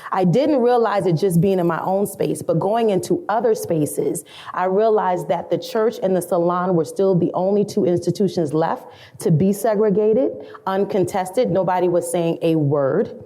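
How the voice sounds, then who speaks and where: A woman's voice: on the low side, moderate pace, mellow. A middle-aged woman, a salon educator, speaking earnestly and reflectively as a podcast guest, building her points through repeated phrases. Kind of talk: storytelling podcast interview.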